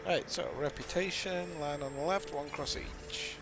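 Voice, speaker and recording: A man's voice: a little high, unhurried, background noise. A man giving casual, rambling commentary while playing a space game, chatty and prone to swearing. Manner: rambling, chatty, swears, bursts into loud shouted impressions. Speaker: game streamer. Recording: loud game music behind.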